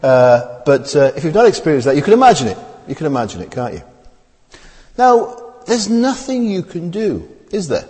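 A man's voice: a little high, normal speed. A man preaching a sermon, asking his listeners many rhetorical questions as his voice rises and falls. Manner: rhetorical questions, lively rising and falling delivery. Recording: long hall reverb.

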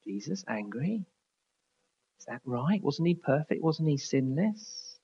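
A man preaching a sermon in an earnest way, often dropping to a near hush on key words. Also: a little high, big pitch swings, takes it slowly, slightly rough, lo-fi sound. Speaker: pastor.

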